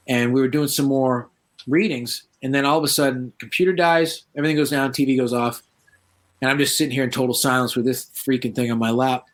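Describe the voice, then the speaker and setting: A paranormal researcher speaks fast in a mid-range voice during a casual interview. He's animated as he tells his stories, doing the voices of the people he quotes.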